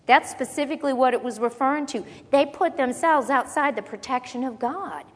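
A woman preaching a sermon, teaching from the Bible in a conversational, animated way with quick asides. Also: high-pitched. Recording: long reverb of a large hall.

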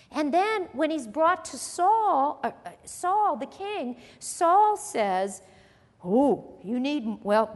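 Animated woman preaching in a hall. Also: high voice. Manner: animated, acts out quoted voices. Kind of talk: sermon.

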